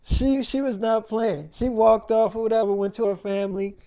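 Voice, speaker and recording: A man casually telling a story, animated, with lots of profanity and slang. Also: sits high, moderate pace.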